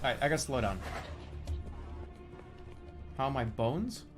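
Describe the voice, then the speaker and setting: A man's voice: medium pitch, measured pace, loud music behind the voice. Profane, ranting male streamer. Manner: profane, excitable ranting with loud outbursts. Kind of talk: live-streamed gameplay commentary.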